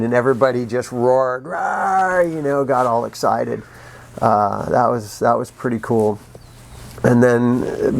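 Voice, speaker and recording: Middle-aged male actor, casual anecdote teller, restarts a lot, bursts into sound effects. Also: medium pitch. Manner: animated, acts out sounds with vocal effects; frequent restarts and pauses, laughs while telling. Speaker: actor telling behind-the-scenes stories.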